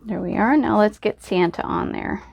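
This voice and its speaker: A woman's voice: medium pitch, normal speed, creaky, a little mellow, no room sound. A woman hosting a crafting video, chatting casually and thinking aloud as she works. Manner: chatty, self-deprecating, thinks aloud while working. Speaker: crafting channel host. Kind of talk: casual crafting tutorial voice-over.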